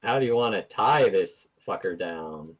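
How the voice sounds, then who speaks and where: A man's voice: low-pitched, expressive, unhurried, dull audio. A man running a tabletop game as game master, talking in a hesitant, loose and profane way.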